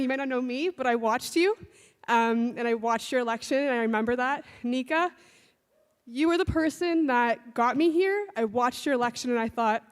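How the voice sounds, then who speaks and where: Emotional young woman, high voice, echoing hall. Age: young adult. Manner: halting, grateful, restarts often. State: emotional, tearful. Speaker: newly elected student president. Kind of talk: emotional acceptance speech. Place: large hall. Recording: long reverb in a large hall.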